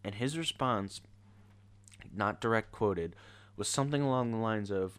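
A man's voice: fairly low pitch, expressive, normal speed. A teenage boy ranting casually in an exasperated, sarcastic way. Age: teens. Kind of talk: casual rant to camera.

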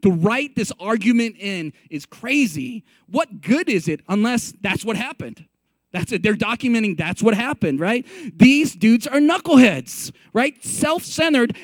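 A man preaching a sermon as pastor, animated and conversational, full of rhetorical questions. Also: extremely high pitch, dry recording.

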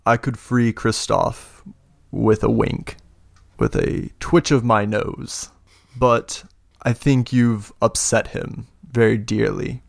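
A man voicing a big, scheming older lord with one good eye who speaks in slow, grandiose speeches and laughs deep and booming. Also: fairly even intonation, creaky, dry recording, clean studio sound. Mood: menacing. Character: imposing older male lord, scheming, one-eyed mentor. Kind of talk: tabletop role-play narration.

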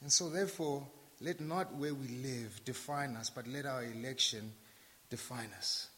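A man's voice: medium pitch, a little slow, a bit bright. A man from South Africa preaching a sermon to a congregation, emphatic and repetitive, with touches of humor. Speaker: pastor. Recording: long hall reverb.

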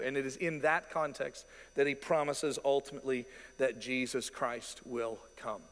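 A male pastor preaching a sermon in an animated, conversational way, with asides and quoted voices. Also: mid-range voice, normal speed, few pauses. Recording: long reverb of a large hall.

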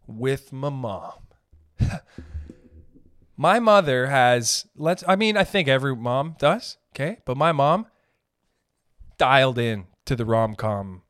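A man hosting a podcast, ranting in a rambling, profane, comedic way and slipping into quick character voices. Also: fairly high pitch, no echo, clean studio sound. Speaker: podcast host. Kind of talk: casual comedic rant.

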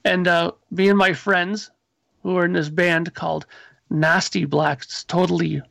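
A man in his forties or older, a musician guest, telling animated stories in casual chat and acting out his own past lines. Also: sits high, measured pace, vocal fry, no echo.

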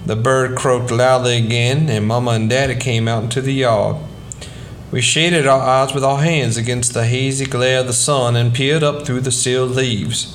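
A man reading a short story aloud in a soft, quiet, measured way. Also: medium pitch, fairly even intonation, a little hiss or hum. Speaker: narrator.

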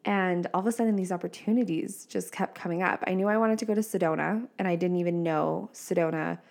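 A woman's voice: fairly low pitch, steady tone, fairly quick, creaky, darkish tone. A woman in her twenties hosting a casual solo podcast, chatty and laughing often, with lots of "like" fillers. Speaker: podcast host.

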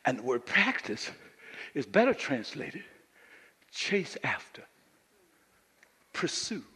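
A man from Louisiana, preaching a sermon as pastor and swinging between quiet asides and shouted lines. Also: fairly high pitch, very animated, takes it slowly, husky. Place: church sanctuary. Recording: live church hall reverb.

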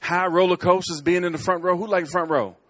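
A middle-aged man preaching a sermon in church, telling stories with lively swings between bold, loud lines and quiet asides. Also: high voice, brisk. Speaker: guest preacher. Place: church sanctuary.

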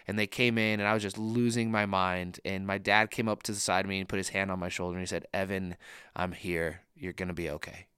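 Earnest young pastor, smooth low voice. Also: male voice, sharp tone, no echo, clean studio sound. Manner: conversational, earnest, frequent "like" fillers. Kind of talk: sermon.

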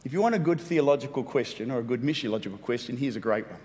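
A man preaching a sermon as pastor, animated and playful, with quick asides. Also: medium pitch. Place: church hall. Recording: long hall reverb.

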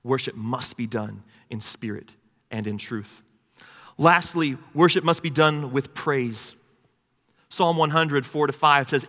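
A male preacher delivering a sermon in a conversational, easygoing way, with asides to his listeners. His voice is mid-pitched, bright and forceful. A long hall reverb trails behind every word. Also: slow.

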